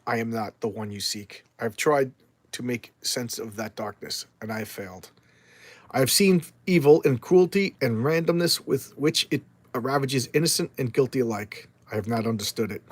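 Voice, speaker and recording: A man's voice: medium pitch, normal speed, dry recording, close to an everyday voice. A man voicing a sorrowful male swamp plant creature, reading in a subdued, grave way.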